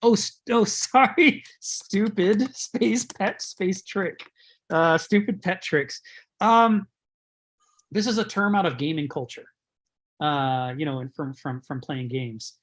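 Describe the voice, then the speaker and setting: A man's voice: high-pitched, takes it slowly. A man giving a conversational lecture, rambling, chuckling often and using many fillers.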